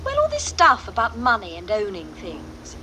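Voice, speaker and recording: A woman's voice: mid-range voice, huge pitch swings, moderate pace, sharp tone. An actress playing a spoiled, wealthy young Englishwoman who speaks in an airy, careless way. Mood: nonchalant. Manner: airy, nonchalant. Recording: film soundtrack with street noise.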